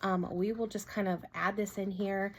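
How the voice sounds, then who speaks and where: Woman, mid-pitched, casual vlog host, chatty with lots of ums, faint background hiss. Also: moderate pace. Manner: chatty and animated, with many ums, laughs and counted-out bills. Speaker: budgeting channel host. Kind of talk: casual cash-stuffing vlog.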